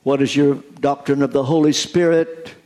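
A man's voice: mid-range voice, flat delivery, moderate pace, a little mellow. An older American man, a pastor, giving an earnest, confessional sermon.

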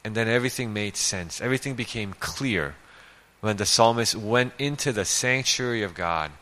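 Male preacher, conversational sermon, rhetorical questions, animated pitch, bright tone. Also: moderate pace. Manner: conversational, asks rhetorical questions, reads scripture.

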